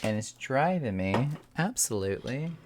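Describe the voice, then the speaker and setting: Woman streamer, casual game chat, very deep voice, lively pitch. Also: normal speed, slight background noise. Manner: offhand, joking.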